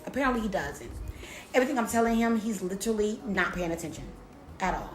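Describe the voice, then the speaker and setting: A woman's voice: mid-range voice, expressive, quick pace, a little hiss or hum. A young woman telling a storytime to her viewers in a casual, slangy, profane way, often repeating herself. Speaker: storytime vlogger. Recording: roomy echo with faint music.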